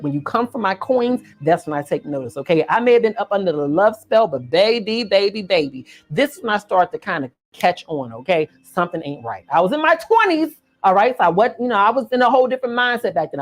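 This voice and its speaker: A woman vlogger telling a personal story in a casual, expressive, emphatic way, often turning to the viewer. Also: medium pitch. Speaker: reaction channel host.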